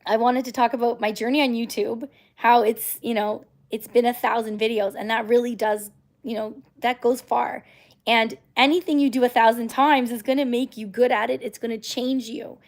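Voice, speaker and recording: A woman's voice: a little high, gravelly, a little mellow. Upbeat chatty woman on a live stream. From Canada. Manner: chatty and upbeat, frequent fillers and restarts. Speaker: YouTuber hosting a live stream. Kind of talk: casual live-stream talk to viewers.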